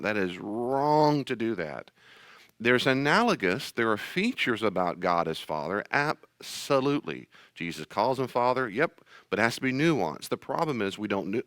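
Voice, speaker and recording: Emphatic pastor with a lively voice. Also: male voice, on the low side, no room sound. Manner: emphatic, blunt, acts out scenes. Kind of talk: sermon-style teaching talk.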